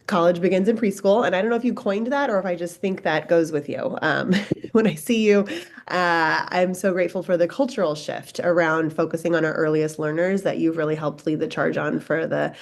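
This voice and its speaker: A woman joins a public meeting remotely as a board member. Her fairly low voice sounds warm and grateful as she gives thanks. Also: fairly quick. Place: remote, not in the room.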